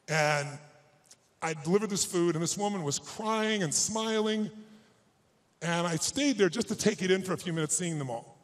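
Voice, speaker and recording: A man's voice: sits high, moderate pace. A middle-aged man giving a live motivational talk, telling a personal story with emotion and urging his audience on. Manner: emotional storytelling, emphatic and exhorting. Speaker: motivational speaker.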